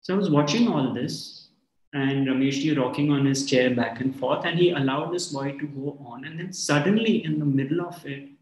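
A man gives a spiritual talk full of stories, calm and reflective. His voice is on the high side. The sound carries a roomy echo. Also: moderate pace. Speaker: spiritual teacher. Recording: echoey room.

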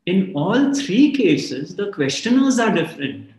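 A calm old male sage, as a man storytelling puts him on, answering questions with patience. His voice sits a little high. There is a roomy echo around it. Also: unhurried. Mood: patient. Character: serene wise male spiritual teacher, patient.

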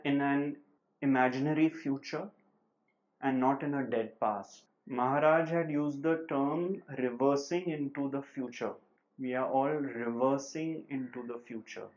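A man giving a spiritual talk as a teacher, slow and measured with long pauses, on a slightly dull lo-fi recording. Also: medium pitch, a little mellow.

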